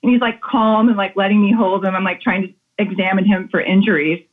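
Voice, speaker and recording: A woman's voice: mid-range voice, fairly quick. Upbeat woman on a tinny call line. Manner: enthusiastic, animated storytelling. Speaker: guest artist. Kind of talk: casual interview chat. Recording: tinny phone-like call audio.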